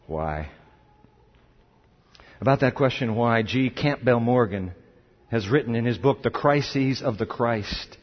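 A man preaching a sermon, swinging dramatically between loud cries and hushed questions. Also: sits high. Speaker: pastor. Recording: long hall reverb, dull lo-fi sound.

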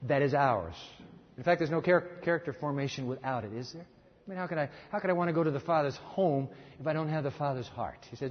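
A man's voice: a little high, quick pace. A middle-aged male preacher giving an emphatic, conversational sermon, often restarting phrases as he presses his point. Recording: dull sound with long reverb of a hall.

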